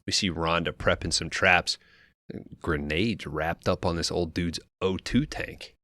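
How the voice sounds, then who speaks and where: A man casually recapping a film plot on a podcast, loose and profane, acting out characters' lines in quick asides. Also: low voice, fairly even intonation, bright, forceful tone, no echo, clean studio sound. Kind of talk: casual movie recap chat.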